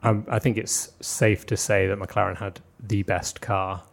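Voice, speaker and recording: A man's voice: on the low side, little pitch movement, unhurried, vocal fry. A man co-hosting a podcast, explaining things at length with lots of filler words. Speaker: podcast co-host. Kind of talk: casual podcast chat.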